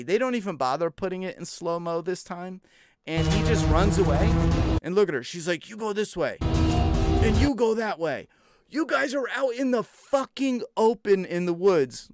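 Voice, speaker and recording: A young man reviewing a TV episode in an exasperated, incredulous rant, swearing freely. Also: high voice. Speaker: TV show reviewer. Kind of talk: casual profane review rant.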